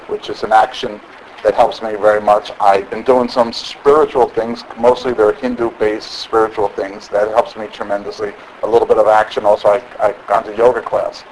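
A man's voice: lowish voice, a little hiss or hum, rough recording. Candid, rambling middle-aged man. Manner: candid, rambling, with many restarts. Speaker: member sharing at a recovery meeting. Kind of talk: personal share at a support meeting. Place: meeting room.

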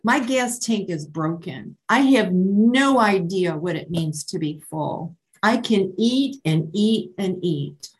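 A middle-aged woman speaks slowly and unhurriedly, telling her own story at a support meeting. She hesitates often, with many ums and restarts, and she sounds candid. It is heard through an online meeting call. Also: mid-range voice, lively intonation, low-quality recording. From Maryland, USA. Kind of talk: personal testimony at a support meeting.

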